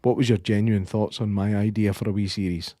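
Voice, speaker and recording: A man's voice: on the low side, steady tone, brisk, dark tone, no room sound, clean studio sound. Sweary Scottish man telling stories. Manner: sweary, laughing storyteller. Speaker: podcast co-host. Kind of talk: casual chat.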